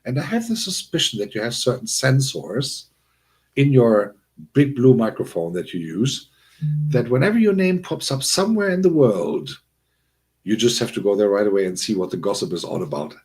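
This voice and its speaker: A man hosts a casual livestream and talks straight to his chat. He rambles, restarts his sentences and breaks into chuckles. His voice sits at a middling pitch and jumps high when something excites him. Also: normal speed. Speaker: livestream host.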